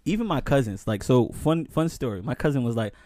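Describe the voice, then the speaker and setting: A man's voice: medium pitch, lively intonation, a little fast, warm tone, no room sound, studio quality. A young man telling stories on a casual podcast, often saying "man, listen" as he gets going. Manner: storytelling, repeats "man, listen" and "you know what's so crazy". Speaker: podcast co-host. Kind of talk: casual chat.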